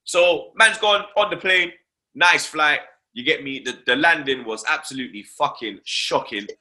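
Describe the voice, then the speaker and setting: A young man with a London accent hosting a casual chat, telling stories in a slangy, swearing, animated way and tagging lines with fillers. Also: fairly high pitch, normal speed. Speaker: host.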